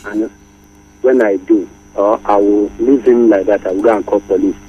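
A man calling in to a radio show, speaking in a measured, deliberate way. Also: lowish voice, fairly even intonation. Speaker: radio caller. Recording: distant muffled phone line.

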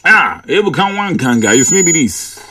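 A man's voice: fairly high pitch, big pitch swings, normal speed, pushed and bright. A man with a Nigerian Pidgin English accent hosting a radio call-in show from a studio, animatedly reading out listener messages. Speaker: radio host.

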